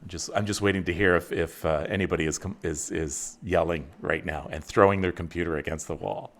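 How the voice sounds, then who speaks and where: A man's voice: sits low, fairly quick. A middle-aged man, hosting a casual livestream chat with viewers, rambling and self-mocking. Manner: animated, rambling, self-mocking, with frequent restarts. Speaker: host.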